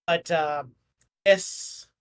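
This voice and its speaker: A man's voice: a little high, fairly even intonation, drawn-out words, smooth. A man running a tabletop game as game master, describing the scene in a loose, rambling way full of "like" and "uh". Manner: rambling, filler-heavy, jokey.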